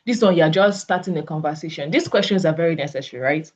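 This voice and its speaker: A woman's voice: low voice, quick pace. A woman with a Nigerian English accent coaching on sales conversations, acting out both sides of the talks she describes. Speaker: network marketing coach. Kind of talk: coaching talk with acted example dialogues. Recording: slightly dull lo-fi audio.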